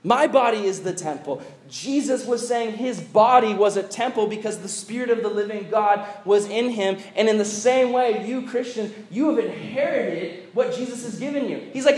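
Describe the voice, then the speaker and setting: A man preaching a youth sermon, animated and conversational, acting out the people he quotes. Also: high-pitched, moderate pace, rough recording. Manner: animated, acts out quoted voices; conversational with fillers like "like". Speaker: youth pastor.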